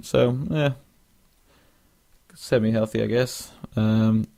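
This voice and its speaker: A young man talks through a loose solo podcast, drifting between thoughts with plenty of ums and false starts. His voice sits low with a gravelly edge, and he yawns a bit as he goes. The sound is close and dry, with no room around it. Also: fairly even intonation, slow pace, mellow, no room sound. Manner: rambling, frequent fillers and restarts. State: yawning, drowsy. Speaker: podcast host. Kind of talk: casual solo monologue.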